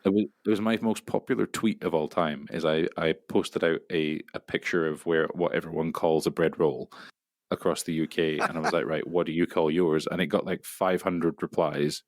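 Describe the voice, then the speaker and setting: Man, very low voice, casual interview chat, stumbling and repeating words, dry recording. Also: fairly even intonation, normal speed, no echo. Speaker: voice actor guest.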